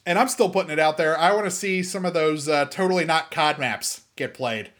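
A young man from the US hosting a casual solo show, rambling and animated, with many fillers and restarts. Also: fairly high pitch, fairly quick. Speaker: podcast host.

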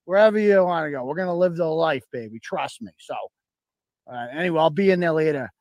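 Guy doing a shady husband rambling on a voicemail, kinda high voice, dry sound. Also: a little fast, a little mellow, dry recording, natural voice. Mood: smarmy. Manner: rambling, sheepish confession full of fillers. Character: sleazy scheming husband leaving a voicemail.

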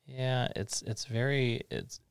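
A man's voice: medium pitch, fairly even intonation, slow, vocal fry, clear, resonant tone, no echo, clean studio sound. A middle-aged man hosting an interview, chatting in an easygoing, rambling way as he thinks aloud. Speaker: podcast host. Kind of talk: casual interview chat.

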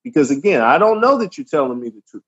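A man who works as a police officer, talking calmly and at length in a casual podcast conversation. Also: a little high, slightly rough, dull audio. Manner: calm, measured, explains at length.

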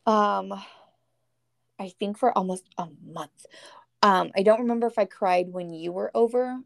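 Gravelly-voiced woman telling a personal story. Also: medium pitch, a little slow, no room sound. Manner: candid, emotional, swears casually. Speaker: podcast guest. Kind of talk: casual storytelling chat.

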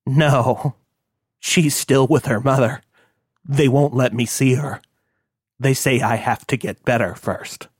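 A man voicing a grown male hacker, eager and a bit odd, quietly wistful, in a dry close recording. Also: mid-range voice, steady tone, slow pace, breathy edge, dry recording.

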